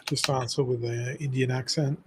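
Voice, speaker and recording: A man's voice: mid-range voice, little pitch movement, normal speed, background noise. A man co-hosting a podcast, giving blunt, dry, short replies in casual chat. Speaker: podcast co-host.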